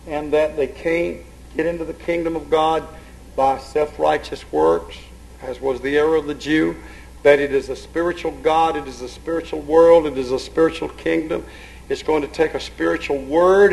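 A man preaching a sermon with fervor, moving between loud calls to the congregation and quiet, hushed asides. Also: a little high, gravelly, rough recording.

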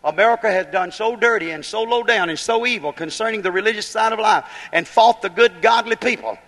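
A man's voice: high-pitched, fairly quick, fairly bright tone, in a large hall. A man preaching a fiery holiness sermon, building to emphatic bursts and firing rhetorical questions at the congregation.

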